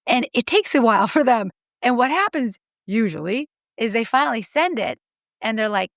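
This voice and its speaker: A middle-aged woman coach telling stories in an interview, blunt and lively, acting out her clients' lines. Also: a little high, normal speed, no echo, studio quality. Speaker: guest, marriage coach. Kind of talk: animated storytelling interview.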